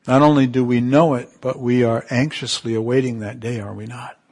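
A man preaching a sermon, calling on the congregation for amens and swinging from emphatic peaks to soft, quiet asides. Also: mid-range voice, steady tone, a little fast, husky. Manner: call-and-response, rising to emphatic peaks then dropping soft.

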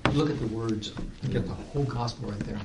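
A man in a Bible study group, talking in a halting way and repeating his words. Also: mid-range voice. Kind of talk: casual group discussion. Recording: noisy, roomy amateur recording.

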